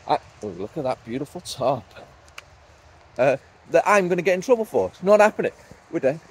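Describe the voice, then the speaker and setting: A man's voice: a little high, big pitch swings, a little fast, long pauses, a little hiss or hum, rough recording. A man, a woodland owner venting in a vlog, worked up and repeating himself as he talks outdoors. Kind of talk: vlog rant. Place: outdoors in woodland, later driving.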